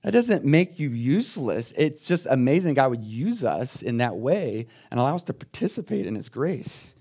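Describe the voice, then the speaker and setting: A man preaching a sermon as pastor, telling stories in a conversational way and swinging between quiet asides and loud, emphatic bursts. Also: mid-range voice, sing-song, moderate pace, breathy edge.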